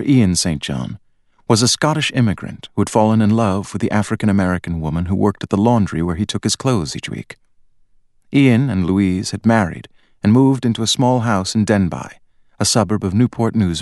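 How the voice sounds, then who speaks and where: Male audiobook narrator, low voice, dry close recording, even delivery. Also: dry recording. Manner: measured, even storytelling. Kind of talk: scripted narration.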